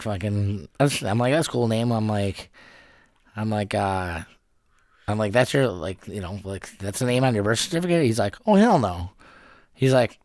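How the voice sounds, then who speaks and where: A man co-hosting a casual podcast, swearing freely, laughing often and jumping high to act out the people in his stories. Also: no echo, studio quality. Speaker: podcast co-host. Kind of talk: casual chat, storytelling.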